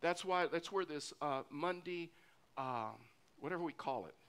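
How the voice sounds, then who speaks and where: A man's voice: on the high side, lively intonation, moderate pace, a bit bright, clean tone. A middle-aged man preaching a sermon as pastor, earnest and often repeating phrases for emphasis. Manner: earnest, repeats phrases when stressing a point.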